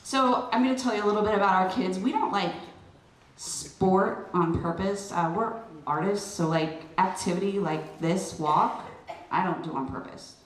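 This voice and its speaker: A middle-aged woman addresses a crowd, telling a personal story in a lively, chatty way full of fillers and asides. Her voice sits at an ordinary pitch. It carries through roomy public speakers, picked up from some distance with faint noise underneath. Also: moderate pace. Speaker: event speaker.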